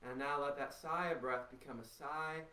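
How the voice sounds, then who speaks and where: Slow, soothing male voice teacher. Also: on the high side, pushed and bright. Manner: slow, soothing instructions with long pauses. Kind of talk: guided voice warmup. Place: home room. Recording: roomy sound from a distance.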